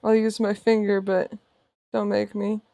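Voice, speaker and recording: A woman's voice: medium pitch, level tone, measured pace, gravelly, dark tone, no echo. A woman artist chatting casually while she draws on a livestream, playful and sarcastic, often laughing. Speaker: artist streamer. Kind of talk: casual chat while drawing on stream.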